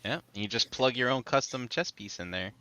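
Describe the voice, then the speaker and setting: A man's voice: mid-range voice, normal speed, a crowd in the background. A man co-hosting a casual collector chat, with irreverent jokes. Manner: joking, irreverent. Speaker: co-host.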